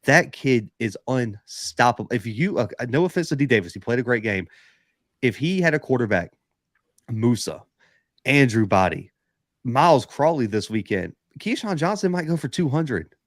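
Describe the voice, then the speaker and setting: Dude arguing football on a podcast, punchy repeated points, dry mic. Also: male voice, mid-range voice, big pitch swings, normal speed, no echo. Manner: emphatic, builds arguments in repeated phrases. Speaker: podcast co-host. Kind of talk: casual sports analysis.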